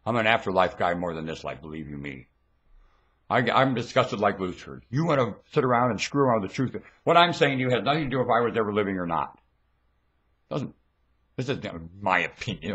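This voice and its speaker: A man giving a rambling, scornful religious monologue into a webcam at home, dropping to low mutters and then bursting into shouts. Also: expressive, brisk, breathy edge. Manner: preachy, scornful, lectures the listener.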